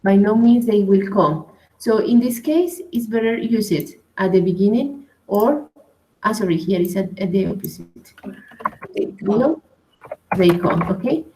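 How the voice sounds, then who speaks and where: A woman's voice: medium pitch, measured pace, warm tone. Patient woman teacher in an echoey room. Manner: patient, explains step by step with frequent "right?" and "okay?". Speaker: English teacher. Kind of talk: online class explanation. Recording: echoey room, faint noise.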